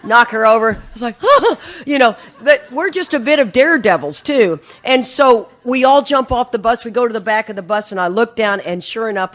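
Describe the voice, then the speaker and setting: Middle-aged woman, recovery-meeting speaker; animated storyteller who laughs often and mimics the people in her tale. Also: a little high. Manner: lively, laughing, acts out voices in her story. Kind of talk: storytelling talk to an audience.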